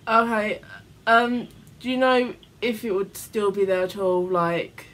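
A young woman vlogger chatting excitedly with a friend and making prank phone calls. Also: mid-range voice, measured pace, low-quality recording. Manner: giggly, excitable between calls. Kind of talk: casual chat and prank call.

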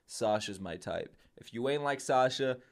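A young man reacting to an anime episode, excitable and profane, yelling at the characters on screen. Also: mid-range voice, unhurried, gravelly, heavy background noise. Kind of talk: live anime reaction commentary. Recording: music from the show playing behind.

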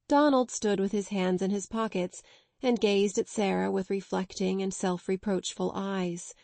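A woman's voice: medium pitch, gravelly, no room sound. Woman narrating a classic children's novel. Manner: measured, expressive storytelling. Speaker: audiobook narrator. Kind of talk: scripted narration.

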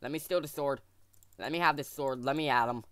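A man hosting a let's play video, thinking aloud to his viewers in a jokey, excitable way. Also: medium pitch, a little fast, smooth, no echo. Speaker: gaming channel host.

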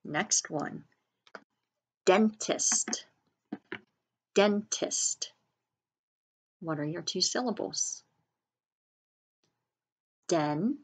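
A woman teacher leading a reading lesson for children, sounding out words syllable by syllable and spelling them letter by letter. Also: on the low side. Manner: slow, clear enunciation, sounding out syllables and letters.

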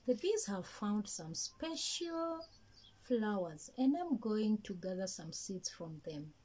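A woman voicing a kindly little man in a children's story, gentle and instructive. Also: medium pitch, big pitch swings, takes it slowly.

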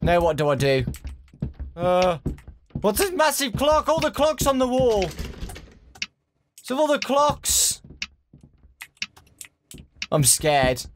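A man's voice: sits high, big pitch swings, slow pace, long pauses, background noise. Jumpy young man narrating a horror game. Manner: jumpy, nervous muttering to viewers. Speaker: gaming YouTuber. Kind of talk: horror game let's play commentary.

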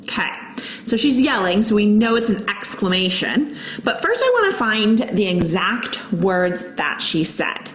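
A woman's voice: medium pitch, sing-song, unhurried, fairly bright tone, roomy sound, slight background noise, poor audio. A woman teacher patiently walking young students through a writing lesson, explaining each step and reading example sentences aloud. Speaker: elementary school teacher. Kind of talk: recorded online lesson.

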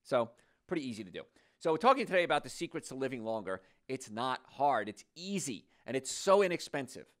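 An older man talks straight to the audience as a health show host. His delivery is folksy and joking, and his pitch swings up and down as he makes his points. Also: fairly quick. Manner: animated, joking, folksy storytelling. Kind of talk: talk-show health monologue.

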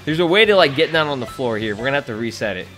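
A young man giving excitable, profanity-laced commentary over his gameplay, laughing often. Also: medium pitch, racing, faint music behind. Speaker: gaming YouTuber.

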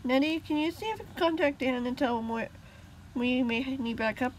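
A woman's voice: high-pitched, moderate pace, a little hiss or hum, lightly acted, poor audio. A woman voicing a determined young boy hero in a storybook reading, speaking urgently and firmly. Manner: urgent, commanding.

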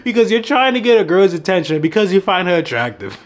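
A man's voice: high voice, very animated, fast. A young man who coaches on dating, telling a story in a casual vlog, laughing often and swearing freely.

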